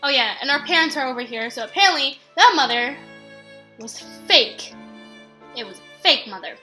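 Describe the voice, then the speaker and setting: A young woman narrating her let's play of a horror game in a chatty, excitable way, often breaking into her characters' lines. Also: high-pitched, normal speed, soft background music. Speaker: gaming channel host.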